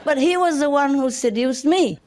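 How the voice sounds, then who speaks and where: A woman from Vietnam, a spiritual teacher telling personal stories to an audience in a halting way, with many restarts and soft chuckles. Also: high-pitched.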